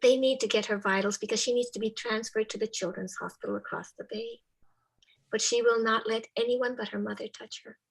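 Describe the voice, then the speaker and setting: A woman telling a personal story to a live audience in a soft, measured way, often dropping to a hushed whisper. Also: on the high side, vocal fry, slightly rough, poor audio. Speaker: storyteller, spiritual care volunteer with a therapy dog.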